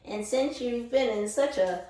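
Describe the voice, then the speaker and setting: A woman's voice: on the high side, measured pace, warm tone. A woman giving a casual tarot reading, playful and blunt, laughing, swearing and sometimes singing a line. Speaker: tarot reader. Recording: very echoey room.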